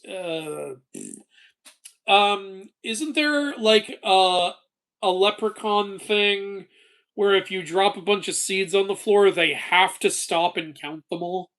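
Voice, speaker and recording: A man hosting a casual live-stream Q&A, reading chat questions and answering in an animated way, laughing often and swearing casually. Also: high voice.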